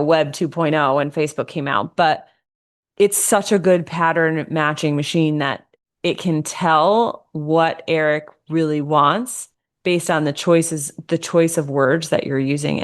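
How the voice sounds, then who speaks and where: A woman's voice: low-pitched, fairly even intonation, unhurried. A woman co-hosting a podcast in casual chat, explaining ideas at length in a reflective way. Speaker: podcast co-host.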